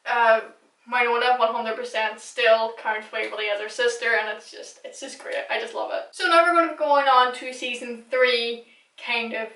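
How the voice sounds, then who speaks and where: A young woman chats her way through a fan recap, gushing and dropping the odd swear word. Her voice is bright and sits a little high. She is heard from a few steps back, in a room with plenty of echo. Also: steady tone, normal speed. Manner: gushing, chatty, swears casually. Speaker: recap vlogger. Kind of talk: casual fan recap monologue. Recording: echoey room, distant mic.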